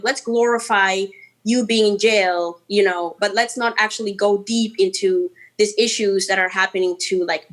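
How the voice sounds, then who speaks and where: A Colombian woman musician, a guest in a casual interview, talking in an animated, chatty way with playful, mocking asides. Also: mid-range voice. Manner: animated and chatty, full of "like" and "you know".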